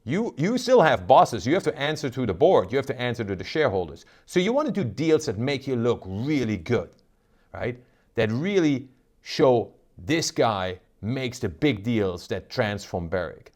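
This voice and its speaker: A man's voice: medium pitch, sing-song, normal speed, darkish tone. A man hosting an investment video, talking casually and emphatically, often tagging on rhetorical "right?" questions. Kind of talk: casual market commentary to camera.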